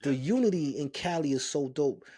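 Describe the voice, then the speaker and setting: Brooklyn dude on a podcast, new york accent, loud animated storytelling, cussing a lot. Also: male voice, a little high, normal speed, slightly rough. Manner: animated storytelling, acts out voices; swears freely. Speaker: podcast co-host. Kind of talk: casual banter.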